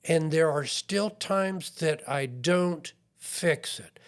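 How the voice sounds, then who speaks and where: A man speaking as an interview guest, an IT consultant talking in an earnest, self-deprecating way. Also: fairly high pitch. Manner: earnest and self-deprecating, acts out quoted voices. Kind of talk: conversational podcast interview.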